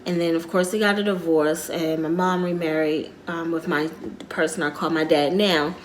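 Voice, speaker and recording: A middle-aged woman vlogging casually, rambling and repeating herself as she tells a personal story in an earnest, quiet way. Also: low-pitched, fairly even intonation, moderate pace, a little hiss or hum.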